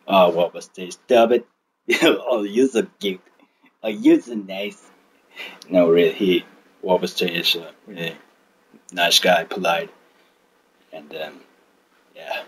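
A man's voice: low voice, slow, pauses often, a little hiss or hum, poor audio. A man with a non-native English accent, chatting casually in a vlog, joking and rambling with lots of fillers and swearing. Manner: joking, rambling, profane, with frequent fillers and restarts. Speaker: miniature painting vlogger.

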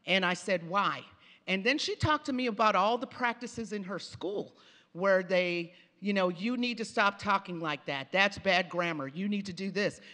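At a conference, a language and reading lecturer from the Pacific Northwest of the U.S. talks conversationally, telling stories and breaking off to speak to the audience. She has a mid-range, bright voice with a forceful tone, heard in a reverberant lecture hall.

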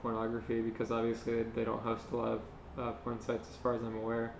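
A man co-hosting a podcast, chatting casually in a low-key, mumbly way and reading fan fiction aloud. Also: monotone, fast talker, vocal fry, noisy background. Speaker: podcast co-host. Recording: roomy echo.

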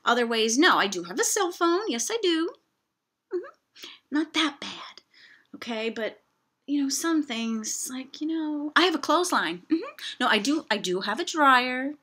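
Middle-aged woman vlogger, exasperated and chatty, bright tone. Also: high-pitched, big pitch swings, normal speed. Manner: chatty, exasperated, self-mocking asides. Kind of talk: casual rant to camera.

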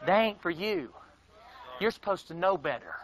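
A man preaching a fiery, folksy sermon. He mocks his listeners and swings between shouting and hushed tones. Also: high voice, very animated, moderate pace, rough recording.

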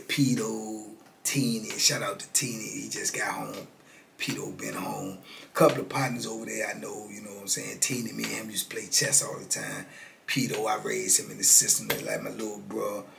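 A man's voice: lowish voice, normal speed, vocal fry, noisy background. A man in his fifties telling a story as an interview guest in casual, slangy talk. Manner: animated, slangy, acts out dialogue.

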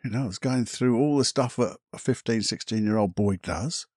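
A middle-aged man with a husky, slightly rough voice tells a personal story on his solo podcast. He is reflective and candid, swears casually and pauses often. The sound is dry and close, with no room around it. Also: fairly low pitch, a little mellow, no echo. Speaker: hypnotherapist podcast host.

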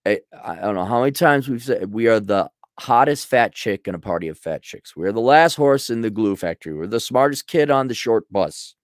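A man's voice: on the low side, lively intonation, brisk, few pauses, no room sound, clean studio sound. A man hosting a casual commentary monologue, answering a viewer's question in a blunt, sarcastic, rambling way.

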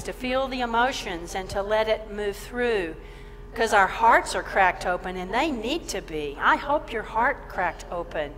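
A woman's voice: mid-range voice, a bit bright, a little hiss or hum. A woman minister giving a sermon, emphatic, repeating her phrases and asking the congregation questions. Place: church sanctuary. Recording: long church reverb.

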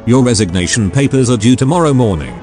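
A man's voice: mid-range voice, fast talker, soft background music, lightly acted. A man's synthetic text-to-speech voice reading the lines of a cold, ruthless male spy handler. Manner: flat synthetic delivery.

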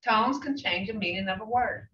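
An older woman teaching a language class, speaking slowly and repeating phrases with emphatic questions. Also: medium pitch, pushed and bright. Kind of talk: language lesson. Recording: roomy, distant, dull sound.

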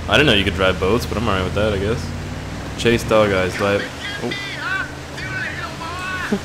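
A young man from Canada giving excitable, profane let's play commentary, laughing and reacting loudly as he plays. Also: fairly low pitch, moderate pace, pauses often, background noise. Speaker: gaming channel host. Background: game music and sound effects.

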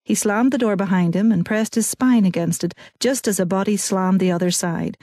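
An audiobook narrator, a woman with a middling pitch, reads a novel aloud steadily and clearly at a moderate pace. The scripted narration is recorded dry and close, with no room sound or echo.

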